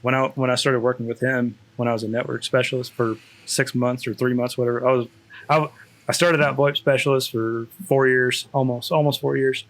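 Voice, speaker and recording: A man's voice: medium pitch, little pitch movement, a little fast. A man, a school district network specialist, chatting casually with many restarts and fillers. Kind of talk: casual chat.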